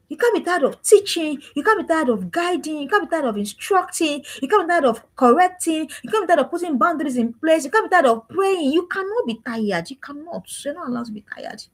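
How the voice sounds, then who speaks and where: A woman giving an emphatic, preachy parenting talk with lots of repetition. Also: sits high. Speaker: parenting coach.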